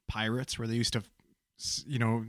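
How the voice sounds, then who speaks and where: Male podcast co-host, joking and loose, mid-pitched, dry sound. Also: level tone, moderate pace, fairly bright tone, no room sound. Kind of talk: casual podcast chat.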